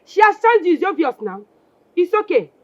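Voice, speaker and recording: A woman's voice: very high voice, very animated, brisk, lo-fi sound. A woman with a Nigerian accent playing a bitter, sarcastic wife who scorns her husband's niece in a film scene. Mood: taunting. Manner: taunting and sarcastic. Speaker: actress. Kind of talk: Nollywood film acting.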